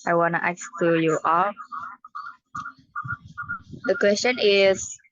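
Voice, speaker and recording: Low-voiced Indonesian-accented young woman, dull sound. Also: fairly even intonation, slow pace, fairly bright tone. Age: young adult. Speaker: student asking a question. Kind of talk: classroom question.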